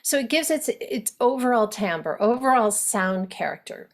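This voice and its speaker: A woman dialect coach teaching an acting workshop, explaining in a measured, explanatory way. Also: a little high, lively intonation. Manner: measured, explanatory, with brief demonstrations.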